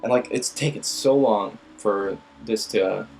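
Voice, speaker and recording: A man's voice: fairly low pitch, measured pace, creaky, darkish tone, soft background music, rough recording. A young man casually telling a rambling, profane story to his viewers. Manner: rambling, filler-heavy, profane. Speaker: vlog host.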